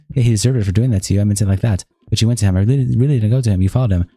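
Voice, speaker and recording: Streamer, male, dark mellow tone, rattles through text messages at high speed over faint guitar. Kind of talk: reading a text-message exchange aloud.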